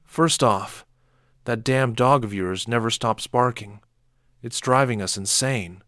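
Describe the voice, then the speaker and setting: A man's voice: medium pitch, slow, fairly bright tone, no echo, studio quality. A man voicing a blunt, nosy neighbor man who complains and demands answers. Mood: complaining.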